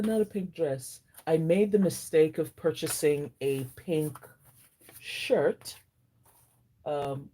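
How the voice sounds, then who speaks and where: A woman with a Nigerian accent chatting casually on a live stream, excitable, gasping and teasing her viewers playfully. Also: sits low, a little hiss or hum. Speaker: planner vlogger.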